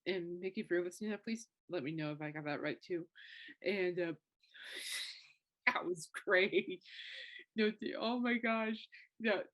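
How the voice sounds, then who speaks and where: A woman's voice: on the low side, normal speed, pauses often, lo-fi sound. A woman in her thirties talks alone on her podcast in a loose, rambling way. Her sentences keep circling back through fillers and restarts, and her feeling shows through. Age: 30s. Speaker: podcast host. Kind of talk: casual solo podcast talk.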